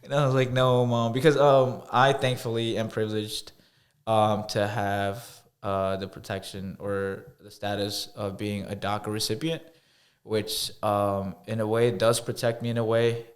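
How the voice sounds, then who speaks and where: Soft-spoken young man, lowish voice. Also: little pitch movement, a little slow. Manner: soft-spoken, hesitant, many fillers. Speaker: podcast co-host. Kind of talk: casual chat.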